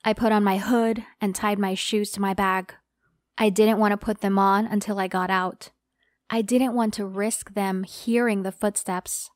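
A woman's voice: mid-range voice, fairly even intonation, a little slow, no room sound, clean studio sound. A woman narrating a dramatic first-person story in an earnest, dramatic telling.

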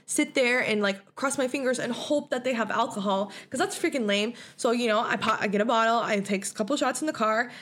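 A woman's voice: a little high, a little fast, hardly any pauses, a bit bright. A young woman hosting a podcast, telling a personal story in a blunt, profane, casual way and laughing often. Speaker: podcast host.

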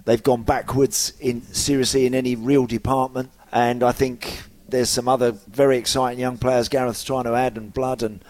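Measured male football pundit. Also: medium pitch, little pitch movement, a little mellow, no room sound. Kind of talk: measured analysis.

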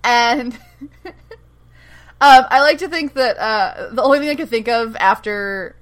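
Fairly high-pitched and slow-paced, a female podcast co-host casually goes over a TV episode. She frequently laughs and acts out the characters' lines.

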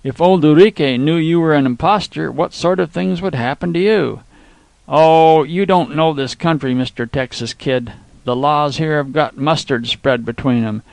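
Male reader as a surly, drunken consul: blustering, threatening, gravelly. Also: fairly high pitch, normal speed, a little mellow, no room sound. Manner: blustering, angry.

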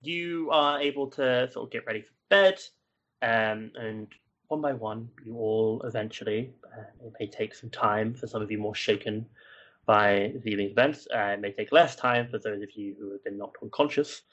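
Deep-voiced game master, slow narration. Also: male voice, a bit bright, muffled recording. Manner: hesitant, many fillers, slow measured scene narration.

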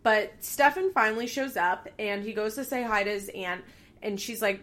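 A woman's voice: medium pitch, normal speed, fairly bright tone. Chatty woman recapping a TV episode. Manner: chatty, candid, swears casually. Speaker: reality TV recapper.

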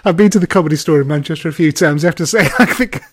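A man's voice: fairly high pitch, racing, slightly rough. A man hosting a podcast, asking long, loose questions with light laughs. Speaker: podcast host. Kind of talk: casual interview.

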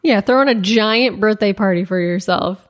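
A young woman co-hosting a casual chat, telling a story in a chatty way full of "like" fillers. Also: medium pitch. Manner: chatty, frequent "like" fillers, quick asides. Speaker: podcast co-host.

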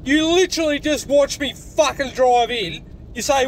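Australian male caller, very high voice, cranky sweary rant. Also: measured pace, slight background noise, low-quality recording. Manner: sweary, exasperated ranting. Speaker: caller leaving a voice message. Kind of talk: ranting voice message.

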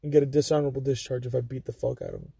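A young man with a medium-pitched, creaky, slightly rough voice talks in rapid-fire bursts on a dry recording. As a podcast guest, he tells casual, profane stories and animatedly acts out what people said.

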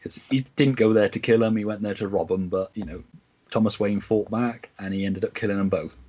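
A man's voice: lowish voice, brisk, warm tone, breathy edge, highs cut off. A man in casual podcast chat, blunt and matter-of-fact, swearing freely. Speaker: podcast host or guest.

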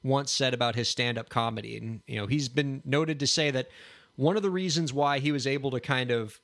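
A male podcast co-host in casual chat, relaxed and thoughtful as he talks things through. His voice sits at an ordinary middle pitch for a man. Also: a little fast.

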